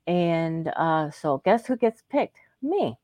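A woman's voice: deep voice, big pitch swings, takes it slowly, warm tone, no room sound. A woman co-hosting a talk show who chats openly and animatedly about her own experience, acting out what others said to her. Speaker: co-host. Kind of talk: candid personal storytelling.

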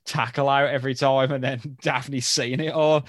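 A man's voice: medium pitch, little pitch movement, moderate pace, no room sound, studio quality. A man co-hosting a casual podcast chat, wry and rambling with lots of ums. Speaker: podcast co-host.

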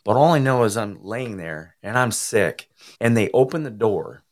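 A man as an interview guest, telling his personal recovery testimony in an earnest, emotional, halting way. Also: fairly low pitch, animated.

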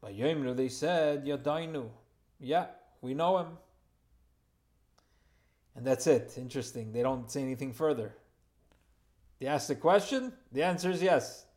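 A man's voice: mid-range voice, measured pace, pauses often. Man teaching scripture verse by verse. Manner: reads Hebrew phrases then translates them; informal asides and gentle humor. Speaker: Torah teacher.

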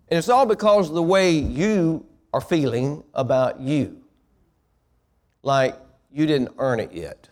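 Man preaching a sermon, fairly high voice. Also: expressive, unhurried. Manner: preachy, calls on the congregation to repeat after him; rises to loud, high emphatic preaching. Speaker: pastor.

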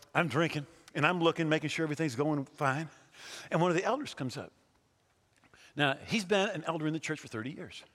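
Animated husky preacher man. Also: fairly high pitch, in a large hall. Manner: animated storytelling preacher, swings from loud to hushed. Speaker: pastor. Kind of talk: sermon.

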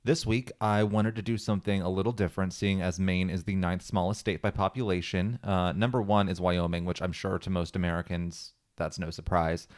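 A man co-hosting a podcast in a relaxed, conversational way. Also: low-pitched, fairly quick, few pauses. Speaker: podcast co-host. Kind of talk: casual podcast chat. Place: Pennsylvania.

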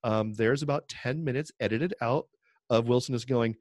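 A man's voice: mid-range voice, moderate pace, darkish tone, no room sound, clean studio sound. A middle-aged man co-hosting a podcast, telling rambling stories and laughing often. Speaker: podcast co-host. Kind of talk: casual chat.

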